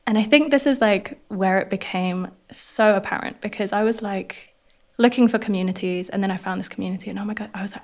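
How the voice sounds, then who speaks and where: A woman with a posh southern English accent, a podcast guest talking in an earnest, animated way. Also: medium pitch, fast talker. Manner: earnest, animated, laughs often. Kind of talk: reflective interview conversation.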